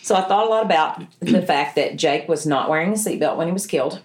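A woman's voice: low-pitched, fast. Earnest woman telling her story. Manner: earnest, emotional, rambling with restarts. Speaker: guest, bereaved mother. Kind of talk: personal story in an interview.

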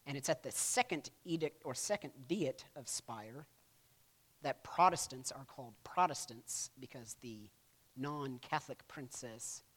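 A man's voice: a little high, a bit bright. Man lecturing, "right?" after each point. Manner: casual, peppers lines with "right?"; acts out quotes in playful voices. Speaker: church history teacher. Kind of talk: classroom lecture.

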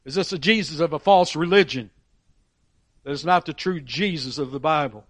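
A man's voice: on the high side, moderate pace, fairly bright tone, no echo. A man preaching a sermon, emphatic, reading scripture aloud and briefly acting out the voices of people in the story. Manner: emphatic, voices characters in Bible stories.

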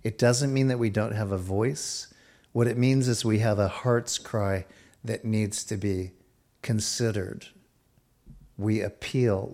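Man preaching with a low voice. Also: slow, creaky. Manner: expressive preaching, varies pace, speaks quoted lines softly. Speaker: pastor. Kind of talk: sermon.

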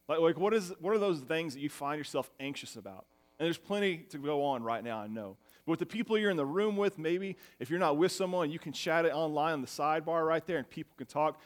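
A young adult man preaching as pastor to a family watching online, telling stories in a conversational way with frequent restarts. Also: a little high. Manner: conversational, storytelling, repeats words when starting.

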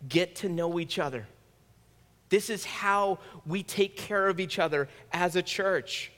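A man's voice: sits high, unhurried, fairly bright tone. A man pastor delivering a sermon in an earnest, conversational preaching manner. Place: church sanctuary. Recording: long reverb of a church hall.

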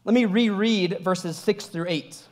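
A young adult man, a pastor, preaching a sermon in a conversational, animated way, telling a personal story with laughs. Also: high voice, measured pace.

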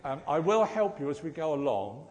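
A man's voice: fairly high pitch, big pitch swings, moderate pace, big-room sound, noisy background. A man giving a chatty, joking church talk and addressing the congregation directly as lay preacher. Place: church hall.

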